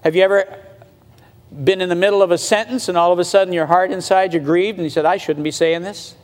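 A man with a high voice, preaching a sermon in a relaxed, conversational way. He slows right down to stress a point and climbs higher when he presses it home. The sound carries a long reverb, as in a big hall. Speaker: pastor.

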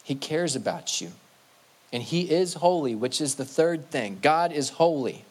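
A pastor preaches a sermon in a slightly high-pitched voice, earnest and animated, often stumbling as he repeats and restarts words. When quoting scripture, he slows down and stresses each word.

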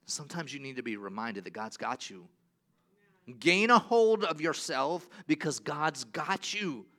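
A male pastor preaches with a dynamic delivery, moving between ringing exclamations and hushed scripture reading. His voice is bright and forceful. It sits a little high for a man. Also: big pitch swings, a little slow. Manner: dynamic, swinging from loud exclamations to quiet reading. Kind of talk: sermon.

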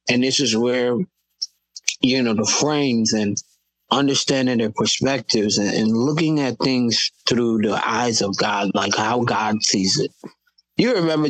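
A man's voice: medium pitch, dry recording, rough recording. A man, a Christian hip hop artist from Florida, telling stories in a casual podcast conversation and acting out the voices of people he quotes.

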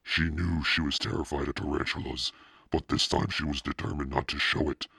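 A man narrating a children's novel in a steady, plain way. His voice sits extremely low, with a gravelly, husky grain. The recording is close and dry. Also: brisk, no echo. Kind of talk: audiobook reading.

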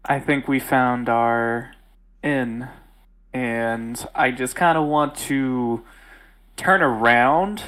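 Chill guy at a tabletop game, talks slow and laughs a bunch. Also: medium pitch. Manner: relaxed, chuckling, casual. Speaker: player.

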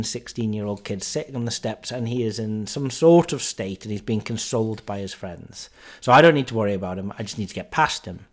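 A man in his forties hosting a podcast, telling a story about a night out in a casual, self-mocking way. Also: mid-range voice. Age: 40s. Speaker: podcast host.

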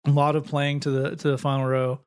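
A man co-hosting a podcast in relaxed chat, with a slightly higher voice. He makes wry, joking asides and laughs often. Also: brisk, smooth. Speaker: podcast co-host. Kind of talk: casual chat.

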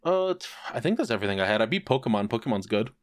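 A young man telling a long anecdote in a casual chat, swearing freely and getting animated when quoting people. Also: mid-range voice, racing, no room sound, studio quality.

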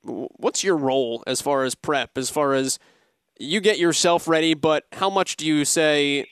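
Male interviewer, halting questions, smooth resonant voice, dry close sound. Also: a little high, dry recording. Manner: halting, restarts while framing questions. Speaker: podcast interviewer.

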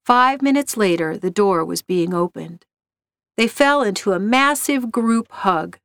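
A woman reading a short story aloud with a steady, even storytelling delivery. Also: mid-range voice, measured pace, smooth, dry recording, studio quality. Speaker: narrator.

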